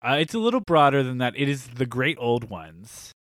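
Male podcast host, casual and jokey, animated delivery, dry close recording. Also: mid-range voice, moderate pace, no echo. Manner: playful, laughs often, quizzing co-hosts. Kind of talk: casual chat.

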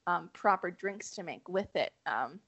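A woman's voice: lowish voice, lively intonation, measured pace, fairly bright tone, breathy edge, no room sound, highs cut off. A young woman co-hosting a podcast, easygoing and giggly, often saying "um". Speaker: podcast co-host. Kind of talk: casual chat.

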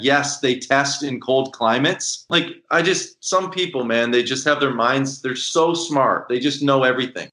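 A man talking as a podcast guest in an energetic, emphatic, preachy way. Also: mid-range voice, reverberant. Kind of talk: casual interview talk.

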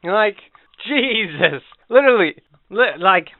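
A man's voice: sits high, lively intonation, unhurried, dry recording. Swearing man on a tinny line. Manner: heated, swearing storyteller. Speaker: podcast co-host. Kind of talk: casual profane chat. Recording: tinny phone-like sound.

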